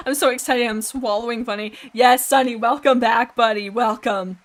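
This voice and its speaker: A young woman hosting a casual livestream, chatting in a rambling, animated way and reading book passages aloud. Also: fairly high pitch, unhurried. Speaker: livestream host.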